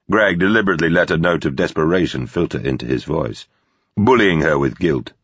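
A man narrating a thriller audiobook in a measured, grave way. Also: a bass voice, fairly bright tone, husky, no echo. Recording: dull, slightly lo-fi recording.

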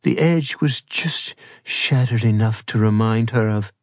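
A man reading a novel aloud as audiobook narrator, in a steady, measured way. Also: medium pitch, no room sound, studio quality. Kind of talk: scripted narration.

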